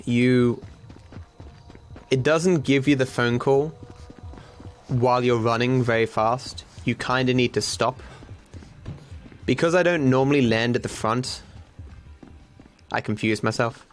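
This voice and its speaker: A man's voice: mid-range voice, measured pace, long pauses. Candid Australian man streaming a game. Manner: candid, self-deprecating, swears freely, restarts sentences. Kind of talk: livestream gaming commentary.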